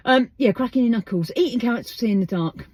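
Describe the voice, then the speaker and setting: A woman's voice: fairly high pitch, fast talker, darkish tone, breathy edge, no room sound. An English woman hosting her podcast outdoors, chatting emphatically and firing off rhetorical questions. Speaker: podcast host. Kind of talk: casual monologue.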